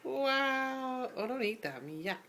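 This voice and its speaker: A mother at bath time with a bright, clear voice that bounces up and down in a lively sing-song. She talks slowly and patiently, repeating simple prompts to coax her toddler into saying words. A faint hiss of noise sits under her voice. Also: high voice. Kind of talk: coaxing a toddler to speak. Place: home bathroom by the bathtub.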